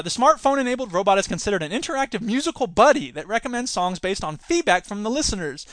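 High-voiced, sarcastic male podcaster. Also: pushed and bright, dry recording. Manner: sarcastic, exasperated ranting. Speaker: podcast host. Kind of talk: solo comedic podcast rant.

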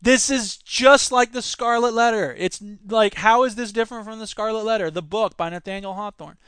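A man's voice: high-pitched, moderate pace, a bit bright, clear, resonant tone, no echo. A man in his thirties hosting a podcast, reading quotes aloud and reacting to them with emphatic, opinionated commentary on education. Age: 30s. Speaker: podcast host and teacher.

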